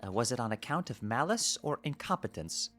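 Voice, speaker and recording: A man voicing a composed young female troll who speaks in a measured, slightly formal way. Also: medium pitch, very animated, fairly bright tone, soft background music.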